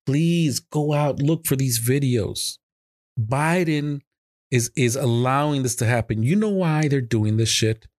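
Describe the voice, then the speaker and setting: A man's voice: medium pitch, a little slow, a little mellow, dry recording, studio quality. A man hosting a political podcast, talking heatedly and emotionally with stammering restarts and swearing. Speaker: podcast host.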